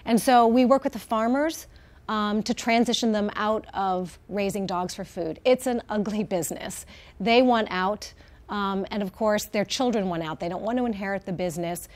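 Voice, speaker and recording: A woman's voice: medium pitch, moderate pace. A middle-aged woman, the head of an animal welfare group, speaking as a guest in a live TV interview in a heartfelt way, with many fillers and restarts.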